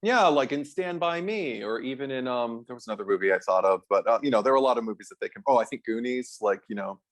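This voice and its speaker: A man's voice: medium pitch, expressive, fast talker. A man co-hosting a film podcast in casual chat, rambling enthusiastically with many fillers. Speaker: podcast co-host.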